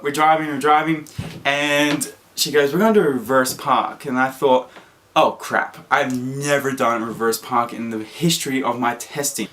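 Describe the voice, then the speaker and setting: A young man with an Australian accent tells a story straight to camera in a loose, chatty vlog. His telling is animated, and he leaps up into squeaky highs whenever he plays out the quotes. His voice sits at an ordinary middle pitch for a man. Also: slight background noise. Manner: animated, acts out quotes with sudden high squeaky jumps. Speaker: vlogger.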